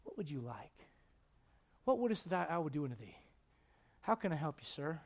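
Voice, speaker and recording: A man voicing the Lord as a calm, fatherly figure, speaking low, quietly and without hurry. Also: normal speed. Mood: gentle. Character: gentle but firm Lord, calm and fatherly.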